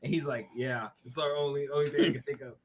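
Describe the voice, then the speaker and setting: A man with a New York accent, a podcast guest telling a story from his bedroom over a webcam, animated and swearing, laughing as he goes. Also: mid-range voice, fast talker, slight background noise. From Brooklyn, New York. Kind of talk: casual podcast chat, storytelling. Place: bedroom at home.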